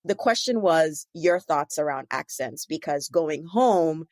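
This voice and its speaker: A woman's voice: deep voice, lively intonation, unhurried, a little mellow, no room sound. A middle-aged woman from Jamaica with a Jamaican accent, hosting a podcast interview and asking long, rambling, self-correcting questions. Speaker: podcast host. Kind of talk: casual interview conversation.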